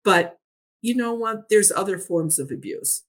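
A woman telling a story in a podcast conversation, retelling a back-and-forth dialogue line by line with a steady "I said, he said.". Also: medium pitch, measured pace.

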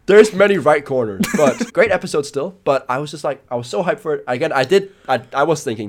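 Young male co-host, crude excitable banter, very expressive pitch, slightly high. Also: fast, few pauses, slight background noise. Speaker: podcast co-host. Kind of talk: casual chat.

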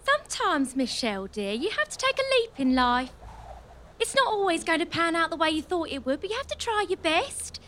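A woman's voice: extremely high pitch, very animated, a little fast, a bit bright, slight background noise, full character voice. A woman playing a flirtatious, giggly queen and mother in a comedy audio drama, sing-song in manner. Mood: wistful.

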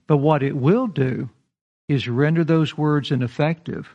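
A man's voice: fairly high pitch, dull audio. A male pastor, preaching a verse-by-verse sermon in a folksy, emphatic way and joking with his congregation. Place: church sanctuary.

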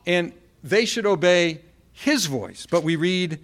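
A man's voice: high-pitched, animated, takes it slowly, a bit bright. A man preaching a sermon, reading Bible verses aloud and repeating key phrases for emphasis.

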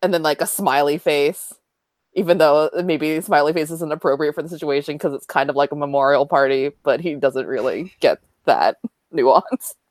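A woman's voice: sits low, normal speed, a little mellow, dry recording, studio quality. A woman playing a tabletop role-playing game, describing her character in a chatty, rambling way. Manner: chatty, rambling with many fillers. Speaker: player.

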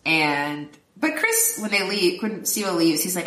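Her voice is on the low side, sing-song, and a bit bright, moving at normal speed with few pauses. As a podcast co-host, she recaps a film chattily, laughing often and performing characters' lines in voices. It sounds reverberant, with the mic at a distance.

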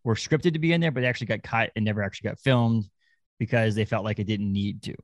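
A man co-hosting a podcast in casual chat, rambling and animated, often restarting his sentences. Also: lowish voice, quick pace, no room sound. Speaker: podcast co-host.

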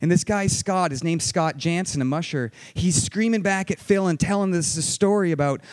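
A young man telling a dramatic personal story, vivid and excited, acting out shouted quotes. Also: fairly high pitch, normal speed, no echo. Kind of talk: personal story told to an audience.

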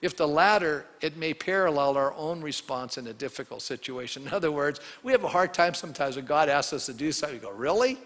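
A male pastor delivers a sermon with a high, bright voice and a lively, conversational manner, often turning to the congregation with questions. His voice rings out with a long reverb from the church hall. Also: quick pace, hardly any pauses.

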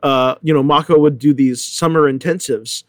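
A man's voice: a little high, steady tone, moderate pace, no room sound. A man on a panel talking in a chatty way, full of fillers and light laughs. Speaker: actor, acting teacher. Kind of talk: panel discussion.

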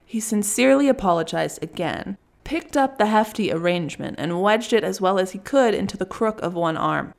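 A woman's voice: mid-range voice, animated, normal speed, creaky, few pauses. Woman narrator, first-person story, wry, dry delivery.

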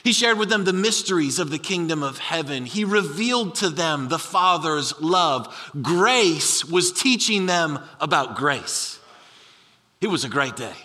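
A bright, high-voiced man preaching with lively storytelling. He acts out the disciples as he retells the story. His voice rings out in a large reverberant hall. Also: unhurried. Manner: animated, acts out the disciples in a higher voice. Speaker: pastor. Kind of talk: sermon storytelling.

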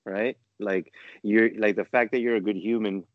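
Lower-voiced man hosting, halting and eager. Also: fairly even intonation, no echo, dull audio. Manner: enthusiastic, complimentary, halting with fillers. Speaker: podcast host. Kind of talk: casual interview talk.

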